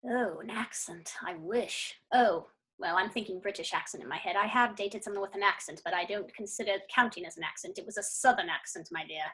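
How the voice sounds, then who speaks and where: A woman's voice: mid-range voice, fairly quick, hardly any pauses, bright, forceful tone. A woman co-hosting a chat over a video call, teasing and theatrical, with genteel old-fashioned turns of phrase. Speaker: co-host.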